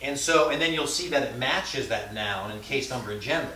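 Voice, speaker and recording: Recorded from far off in an echoey classroom with a faint hiss, a man lectures a language class conversationally, often adding fillers and checking on his students. His medium-pitched voice is animated, bright, and forceful, moving a little fast.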